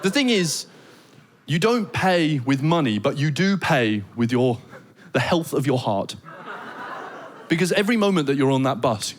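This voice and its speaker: British guy doing standup, highish voice, swears a lot, acts out the crowd. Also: moderate pace, pauses often. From Britain. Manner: animated storytelling, swearing, acting out crowd shouts. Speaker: stand-up comedian. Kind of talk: stand-up comedy set. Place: theatre stage before a laughing audience.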